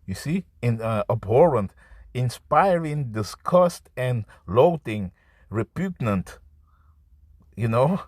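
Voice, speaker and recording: A man preaching an improvised scripture sermon to camera. He talks in a halting, repetitive way, restarting words and tagging lines with "man" and "you see.". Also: medium pitch, animated, a little mellow, no room sound. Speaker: street-style preacher.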